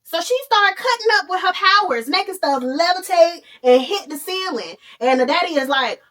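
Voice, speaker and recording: A woman hosting a podcast, retelling a movie in a casual, animated way with playful asides. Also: very high-pitched, moderate pace, distant mic. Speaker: podcast host.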